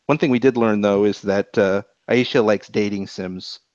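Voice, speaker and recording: A man's voice: fairly low pitch, moderate pace, a little mellow, dry recording. A man chatting casually on a podcast, hesitant, often restarting his sentences. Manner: hesitant, many restarts and fillers. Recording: dull lo-fi dry sound.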